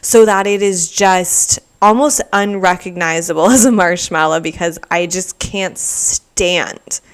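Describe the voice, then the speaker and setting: Low-voiced woman rambling on her podcast. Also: a little slow, clear, resonant tone. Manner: rambling, peppered with "like", sarcastic asides. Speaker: podcast host. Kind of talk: casual solo podcast chat.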